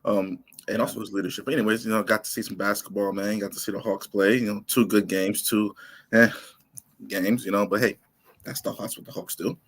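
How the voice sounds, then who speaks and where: A man co-hosting a casual sports podcast, laid-back and halting with many fillers. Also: fairly low pitch, fairly even intonation, husky. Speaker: podcast co-host.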